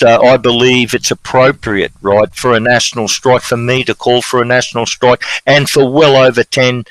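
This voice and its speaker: A middle-aged Australian man holds forth on a podcast, emphatic and rambling, circling back over his own phrases. His voice sits at an ordinary pitch and is recorded close and dry, with no room sound around it. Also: a bit bright, dry recording, rough recording. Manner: rambling, emphatic, repeats phrases, says mate often. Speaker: strike organiser on a podcast. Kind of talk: impassioned podcast talk.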